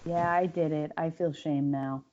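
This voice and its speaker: A woman's voice: deep voice, fairly even intonation, a little slow, darkish tone. A stand-up comedian from Los Angeles with a lisp, a woman chatting casually as a podcast guest, wry and self-deprecating, laughing easily. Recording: slightly dull lo-fi sound.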